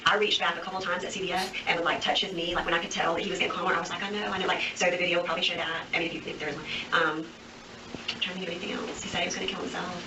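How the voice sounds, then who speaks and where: Woman, low voice, rambling nonstop with fillers, police interview, echoey distant room, background noise. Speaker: woman giving a statement to police.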